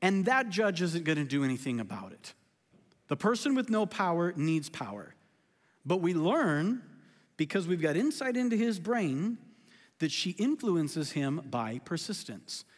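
A male pastor with a drawl delivers a lively, joking sermon, often at his own expense. His voice sits high for a man, and a long hall reverb trails every phrase through the sanctuary. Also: measured pace. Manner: animated, joking, self-deprecating. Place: church sanctuary.

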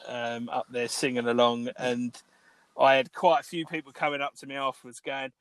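A man's voice: mid-range voice, level tone, normal speed, a bit bright, dry recording. A man, co-hosting a podcast, telling a long rambling story with plenty of swearing, fillers and restarts. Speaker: podcast co-host. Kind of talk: casual storytelling chat.

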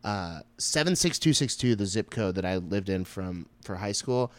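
A man's voice: lowish voice, animated, moderate pace, dry recording. A man in his late twenties from North Texas, hosting a casual podcast and telling crude, rambling stories full of filler words. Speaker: podcast host.

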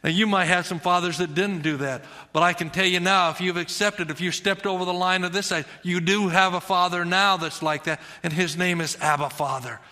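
A man's voice: sits high, steady tone, brisk, few pauses, sharp tone, big-room sound. A middle-aged male pastor preaching a sermon in an earnest, conversational way, repeating his phrases for emphasis.

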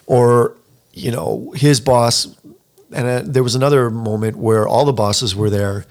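A man's voice: mid-range voice, a little slow. Fifties guy, pianist, chatty storyteller, says like a lot, acts out what people said. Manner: animated storyteller who acts out other people's lines, heavy use of "like". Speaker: professional pianist. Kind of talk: casual conversation, storytelling.

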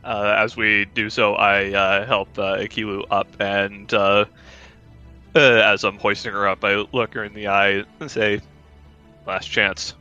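A man playing a tabletop game, speaking slowly and hesitantly. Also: lowish voice, level tone, pushed and bright, lo-fi sound, faint music behind. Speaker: player. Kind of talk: tabletop role-play.

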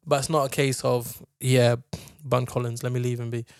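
A young man co-hosting a casual podcast chat, acting out quoted lines with lively slang. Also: mid-range voice, moderate pace, no echo, clean studio sound, faint music behind. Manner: animated storyteller who acts out quotes in slang. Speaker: podcast co-host.

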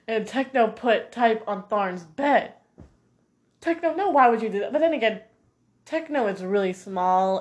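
A young woman vlogger chatting casually about a series, animated and gossipy, with sassy asides. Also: mid-range voice. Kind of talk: casual chat reviewing a series.

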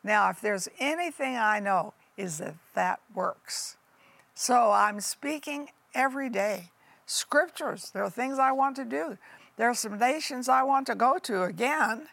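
Older woman pastor, gravelly, unhurried, dry sound; folksy emphatic sermon. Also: on the high side, fairly bright tone, no echo. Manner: folksy, emphatic, addresses listeners as honey and folks. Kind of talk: sermon testimony.

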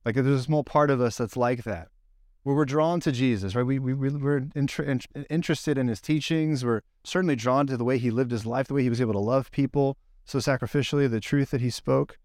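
Guy preaching casually, fast and chatty, acts out the quotes, dry sound. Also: mid-range voice, dry recording. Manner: animated storyteller, acts out quoted lines. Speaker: pastor. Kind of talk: casual conversational sermon.

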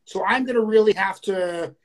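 A man's voice: sits high, brisk, rough recording. A man in his late thirties co-hosting a poetry show in casual chat, rambling with stammered restarts and plenty of swearing. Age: late 30s.

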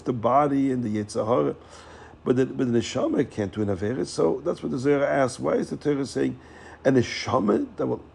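Male storyteller, animated and repetitive, warm gravelly tone. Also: mid-range voice. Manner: animated, repeats words and acts out characters' lines. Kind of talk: telling a Hasidic story.

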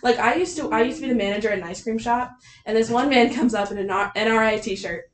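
A young woman co-hosting a student podcast, talking in quick, playful casual chat. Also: fairly high pitch. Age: young adult. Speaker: podcast co-host. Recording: echoey room with faint ambience.

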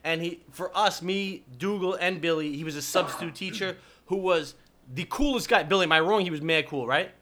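A man's voice: high-pitched, fairly quick, a little hiss or hum. A man, a podcast co-host telling rowdy stories in casual chat, laughing and swearing often. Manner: laughing, swearing, animated storyteller.

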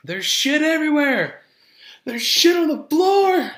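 A man voicing a panicked man shrieking about a filthy mess, in a frantic shouting voice. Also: very high-pitched, big pitch swings, unhurried, voice pushed up, heavily acted. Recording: roomy echo.

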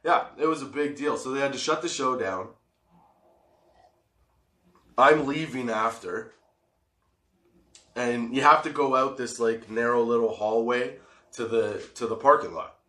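A man in casual, profane storytelling mode, laughing as he acts out old scenes. His voice is bright and forceful, and the room rings around it with echo. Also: mid-range voice, a little slow, pauses often. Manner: profane, laughs often, animated re-enacting. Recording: echoey room.

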